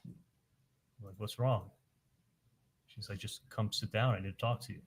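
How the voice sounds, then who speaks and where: Low-voiced man testifying in court. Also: steady tone, slight background noise. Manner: halting, retells events with quoted dialogue. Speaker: witness testifying at a trial.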